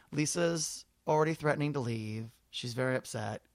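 A man's voice: medium pitch, a little slow. A middle-aged man telling a long story in casual podcast chat, acting out the voices of the people in it.

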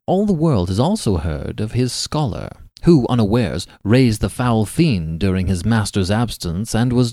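A man reading a classic tale aloud as the podcast's narrator, with an expressive, dramatic delivery. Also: lowish voice, no echo, clean studio sound. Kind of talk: scripted narration of a classic story.

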